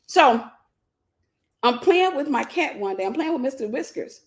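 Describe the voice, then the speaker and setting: A woman's voice: high voice, lively intonation, normal speed. A woman teaching a faith-based life lesson in a conversational way, telling stories with playful asides and acted-out voices. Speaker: Christian teacher and mentor.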